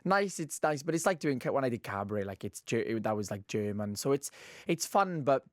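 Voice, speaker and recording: A man's voice: medium pitch, very animated, fairly quick, dry recording. Young man, Welsh Valleys accent, radio guest, chatty and gushing, dry close studio sound. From Wales. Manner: chatty and gushing, laughs often, many fillers. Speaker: guest actor. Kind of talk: casual radio interview chat.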